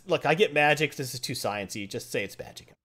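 A man's voice: fairly high pitch, expressive, a little fast, bright, forceful tone. A man playing an impatient male sorcerer who talks in curt, exasperated bursts.

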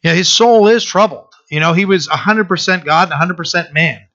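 A man preaching a sermon and reading scripture, talking haltingly with many fillers and restarts. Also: high-pitched, bright, forceful tone. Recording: dull lo-fi recording.

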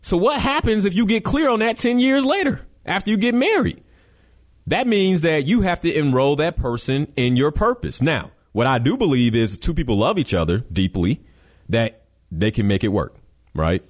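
A man's voice: on the high side, very animated, normal speed. A man hosting a motivational radio talk show, speaking emphatically and addressing listeners directly.

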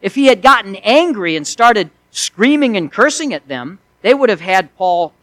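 A man preaching an expository sermon, swinging between forceful emphasis and hushed asides. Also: sits high, very animated, normal speed, no room sound, rough recording. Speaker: pastor.

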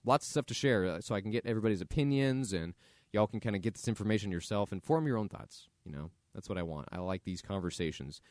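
A man's voice: fairly low pitch, quick pace, darkish tone, dry recording, studio quality. A man hosting his own podcast, talking casually and thinking aloud with fillers. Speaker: podcast host. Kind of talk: casual solo podcast monologue.

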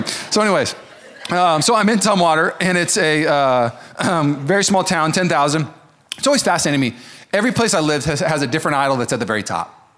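Fast-talking pastor preaching. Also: male voice, high-pitched. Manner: energetic, joking, conversational preaching. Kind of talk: sermon. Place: church service before a congregation.

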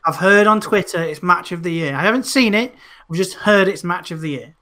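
A man's voice: sits high, brisk, pushed and bright. A man co-hosting a podcast who keeps the wrestling rundown moving with brief prompts and questions. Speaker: podcast co-host. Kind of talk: casual wrestling review chat.

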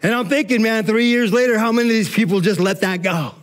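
Middle-aged pastor guy preaching loose and fired up, high voice, keeps saying man. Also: fast. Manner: energetic, informal, says "man" often. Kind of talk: sermon.

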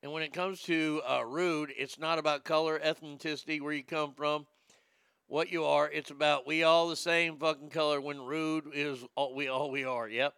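A man's voice: a little high, steady tone, normal speed, fairly bright tone, clean tone, dry recording, clean studio sound. A man hosting a casual show, reading news headlines aloud with mock drama and swearing through joking reactions. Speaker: podcast host.

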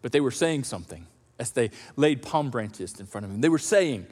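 A man preaching a sermon as pastor, animated and acting out the voices of the crowd. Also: very high voice, moderate pace. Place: church auditorium. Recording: reverberant church hall.

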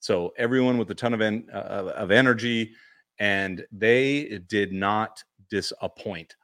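A man co-hosting a casual podcast chat, telling stories animatedly and acting out quotes. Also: measured pace. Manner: animated storyteller, acts out quotes in high voices. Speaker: podcast co-host.

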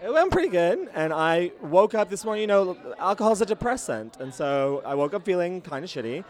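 A man with a slightly high, worn-out voice hosts a loose podcast chat at a busy venue after a show. He is excitable and theatrical, and laughs between remarks. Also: fairly quick. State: voice worn out after a night of singing. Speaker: podcast host. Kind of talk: casual chat at a concert.

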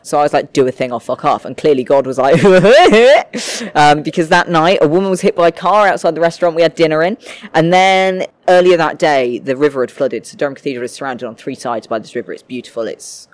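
Guest: man, animated and self-mocking storyteller, close and dry. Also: fairly high pitch, fairly quick, no room sound. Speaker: interview guest. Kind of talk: storytelling in conversation.

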